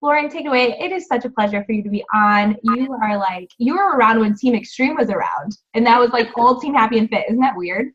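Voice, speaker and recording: Woman host on a video call, rambling, upbeat pep talk, slightly high voice, lo-fi audio. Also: expressive, quick pace, few pauses, a bit bright. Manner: chatty, encouraging, rambling. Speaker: fitness team coach hosting a call.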